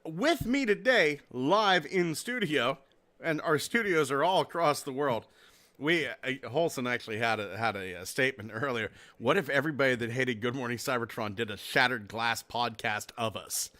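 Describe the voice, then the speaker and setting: A man's voice: mid-range voice, normal speed, pushed and bright. A man hosting a casual podcast, laughing and swearing as he chats with guests. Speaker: podcast host. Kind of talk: casual chat.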